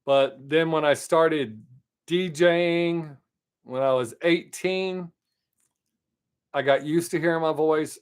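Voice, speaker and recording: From home, a Southern man hosts a live stream, his fairly high voice smooth as he chats in a loose, rambling way. He notes that he tries to talk fast.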